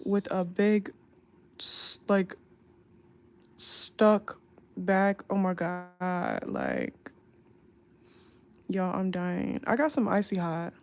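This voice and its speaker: Young woman, worn out and aching, drawling late-night livestream chat into her phone, with a gravelly edge. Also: medium pitch, very animated. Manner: slow, tired, drawling talk with lots of fillers. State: sleepy and in back pain. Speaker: flight attendant livestreamer. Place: home at night. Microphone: phone mic, off screen.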